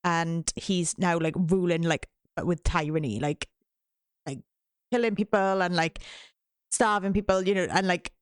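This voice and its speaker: A woman's voice: lowish voice, measured pace, clear, resonant tone, no room sound, studio quality. A woman podcast host recapping a book in casual, chatty talk, swearing freely and saying "like" a lot. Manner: chatty and profane, heavy use of "like". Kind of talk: casual book recommendation chat.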